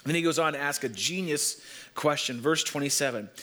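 A man preaching a sermon, telling stories and repeating phrases slowly for emphasis. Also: medium pitch, pushed and bright. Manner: storytelling preacher, leans on repetition and slows down for emphasis. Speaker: pastor.

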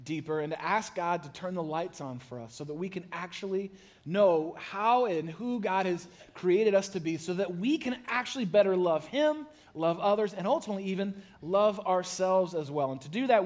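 A man, a pastor, giving a sermon in a casual, conversational way, with animated storytelling and self-deprecating asides. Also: high-pitched. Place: church sanctuary.

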